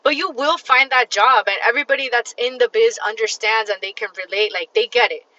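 A woman hosts a casual solo podcast, tired but blunt and emphatic, swearing freely as she talks straight to the listener. Her voice is bright and forceful. The recording sounds dull and lo-fi. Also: on the high side, brisk. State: tired and fatigued. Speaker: podcast host.

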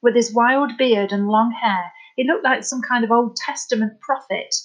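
A woman narrating a novel as an audiobook in a steady, dramatic storytelling manner. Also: fairly high pitch, normal speed, low-quality recording.

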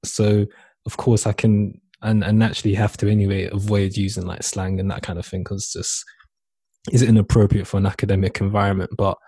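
Flat, mellow-voiced measured man. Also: lowish voice, husky, no echo. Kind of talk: casual chat.

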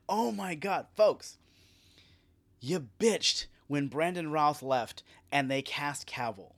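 Profane ranting man, fairly high voice. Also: animated, slow pace. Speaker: podcast host. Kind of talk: solo ranting podcast.

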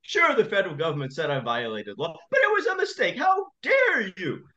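Man parodying a pompous judge, shouting, pitched way up, lo-fi audio. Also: sing-song, quick pace, full character voice. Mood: indignant. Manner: shouting, high and strained. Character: indignant, self-important male judge.

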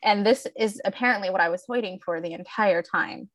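A woman co-hosting a casual podcast, telling stories with lively, foul-mouthed energy. Her pitch sits in an ordinary middle range, and the recording is dry and close to the mic. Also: brisk, no room sound. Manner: animated, profane storyteller. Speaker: podcast co-host. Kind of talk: casual chat, storytelling.

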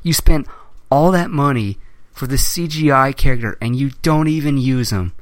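A man's voice: mid-range voice, moderate pace, dry recording. A man hosting a podcast, chatting casually and ranting in a rambling way, with swearing. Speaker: podcast host.

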